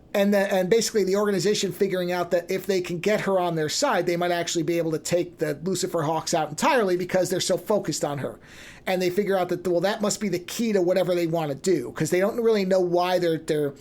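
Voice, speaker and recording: A podcast host in casual chat, animatedly retelling a story and briefly acting out the characters' lines. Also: mid-range voice. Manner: loose and chatty, frequent restarts.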